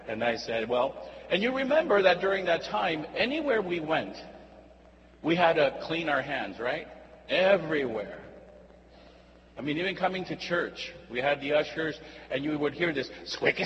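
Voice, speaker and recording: A man's voice: on the high side, lively intonation, measured pace, pauses often, a bit bright. Man preaching a chatty sermon. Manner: conversational, asks "right?" often, acts out dialogue. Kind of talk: sermon with storytelling. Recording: dull, reverberant recording with faint hum.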